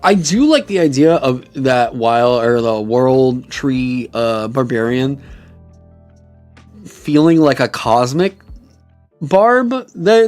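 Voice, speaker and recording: A man streamer chatting casually and reacting, excitable and rambling, with frequent swearing. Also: mid-range voice, takes it slowly, soft background music. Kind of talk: casual chat.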